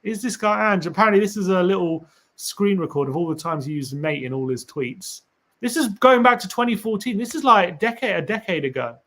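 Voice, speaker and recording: A man's voice: high voice, expressive, brisk, fairly bright tone. A man hosting a casual live stream for a fan channel, reading tweets aloud, musing and rambling with rhetorical questions to viewers.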